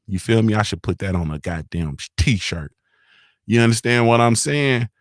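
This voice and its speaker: A man hosting a casual morning livestream from his home, speaking in a laid-back, slangy way as he shouts out his viewers. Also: on the low side, lively intonation, normal speed, no room sound, clean studio sound. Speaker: morning show host.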